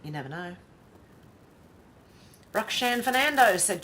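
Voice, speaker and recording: A woman's voice: on the low side, animated, measured pace, fairly bright tone, a little hiss or hum. An Australian woman vlogger reading social media posts aloud and commenting on them in a chatty, wry way. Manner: chatty and wry, with sighs and asides.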